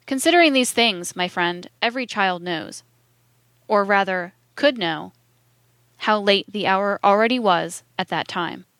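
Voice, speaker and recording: A woman reading a book aloud in a measured, even way. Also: medium pitch, no room sound. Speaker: reader.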